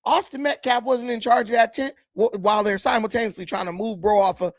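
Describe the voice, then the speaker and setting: A man whose voice sits high speaks a little fast with fairly even intonation, and there's no room sound. He reacts to video clips with blunt, combative remarks, frequently mocking those on screen, and his volume swings sharply.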